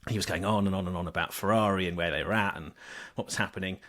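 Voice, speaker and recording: A man's voice: low-pitched, rapid-fire, a bit bright. A man guesting on a podcast, telling an anecdote animatedly with fillers and laughs. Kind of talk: casual chat, storytelling.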